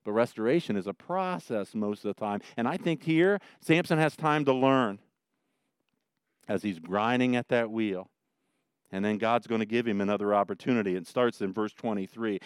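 A man's voice: fairly low pitch, moderate pace, clear, resonant tone, dry recording, clean studio sound. A man preaching a conversational sermon with joking asides, explaining as he goes. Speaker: pastor.

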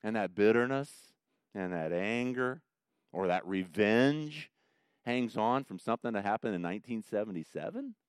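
A middle-aged male pastor giving a conversational sermon, swinging from loud emphatic bursts down to soft, quiet asides. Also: on the low side, animated, normal speed, clean tone, dry recording, studio quality.

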